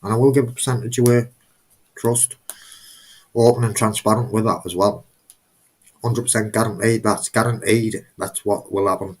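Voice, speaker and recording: A man's voice: fairly low pitch, fairly even intonation, normal speed, pauses often. A man hosting a live stream, talking casually in a rambling, emphatic way and often repeating himself.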